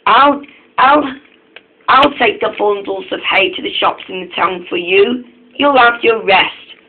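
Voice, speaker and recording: During a storybook reading, a man voices an eager, jealous young male train engine in a high-pitched voice. He speaks haltingly and restarts his lines, and the recording sounds tinny, like a phone.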